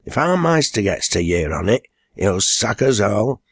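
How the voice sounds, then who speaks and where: A man voicing a jittery young village farmhand with a broad Lancashire accent, rambling excitedly. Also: fairly low pitch, a little slow, gravelly, slightly rough, no room sound, studio quality, heavily acted. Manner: rambling, excitable dialect tale.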